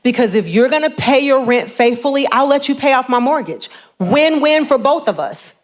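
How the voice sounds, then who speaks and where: Speaking at normal speed in a high voice, a woman presents an energetic motivational seminar on home buying. She often performs the voices of the people she quotes.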